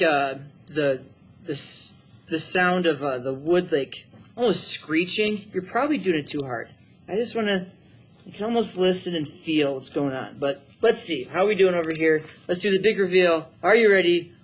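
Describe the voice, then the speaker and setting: A middle-aged man teaching a drawing lesson, upbeat and encouraging, thinking aloud as he works. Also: high voice. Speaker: art teacher.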